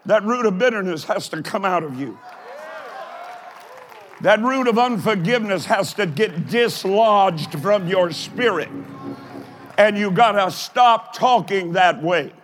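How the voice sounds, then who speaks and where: A pastor preaching a live sermon in a folksy, plain-spoken way, with emphatic bursts of shouting. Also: male voice, high voice, lively intonation, measured pace, some chatter behind, a little hiss or hum. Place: large church or college auditorium.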